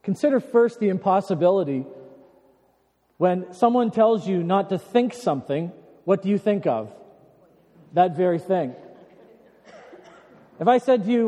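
A fairly high-voiced man preaching as pastor, his words ringing out with a long church reverb. He is earnest but slips in dry humorous asides. He slows and rises to stress the key phrases. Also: expressive, dark tone. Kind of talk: sermon. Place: church sanctuary.

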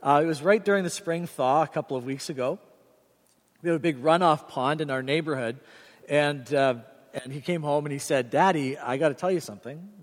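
High-voiced pastor preaching in a hall. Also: male voice, normal speed. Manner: animated storytelling, earnest and direct. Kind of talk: sermon. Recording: reverberant hall sound.

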